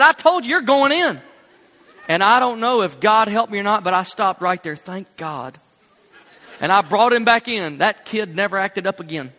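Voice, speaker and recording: A man preaching a sermon, telling a personal story in an animated way and laughing at his own jokes. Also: sits high, in a large hall.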